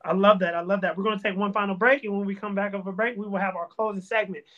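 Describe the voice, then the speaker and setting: A man hosting a podcast in a loose, animated way, joking and riffing on the news. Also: high voice, fast. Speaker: podcast host. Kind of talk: casual podcast chat. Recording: dull lo-fi sound.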